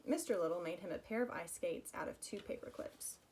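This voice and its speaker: A woman's voice: on the low side, brisk, a little hiss or hum. Woman reading a children's story aloud. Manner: expressive storytelling, personal asides. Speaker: reader.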